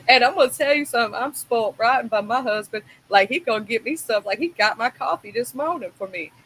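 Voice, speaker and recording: Woman, Southern US accent, bright tense voice, outspoken, playful, casual chat. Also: on the high side, quick pace, few pauses, a little hiss or hum, low-quality recording. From American South.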